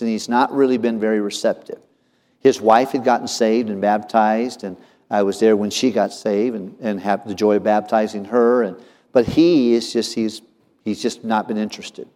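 A man's voice: fairly low pitch, darkish tone. Earnest male pastor in a reverberant hall. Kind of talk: sermon storytelling.

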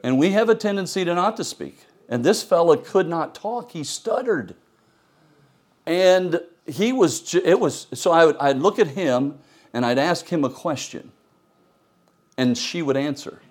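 A middle-aged man preaching to his church, telling stories in a voice that sits a little high for a man. He swings between punchy, loud emphasis and hushed asides. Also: lively intonation, a little slow. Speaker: pastor. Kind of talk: storytelling sermon.

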